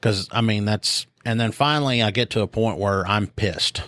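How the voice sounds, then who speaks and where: A man's voice: lowish voice, normal speed, fairly bright tone, dry recording. A man casually telling a story on a podcast, animatedly acting out both sides of an argument on a phone call. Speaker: podcast co-host.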